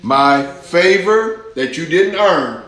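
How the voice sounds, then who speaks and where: A man preaching a sermon as pastor, slow and deliberate, rising with emphasis as he reads scripture aloud to his congregation. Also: a little high, lively intonation, a bit bright. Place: church hall. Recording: echoey church room.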